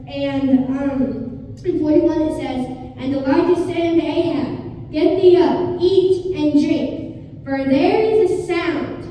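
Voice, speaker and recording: A woman preaches an earnest sermon, retelling a scripture story and acting out its voices. Her voice sits high but sounds mellow and warm. She is picked up from a distance in a large, echoing hall with a long reverb and faint room noise behind. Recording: echoey hall from far off.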